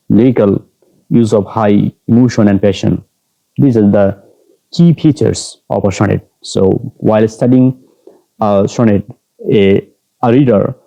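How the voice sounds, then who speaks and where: A man with a Bangladeshi English accent giving a literature lecture in a deliberate, halting way, with fillers and restarts. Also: fairly low pitch, mellow, poor audio.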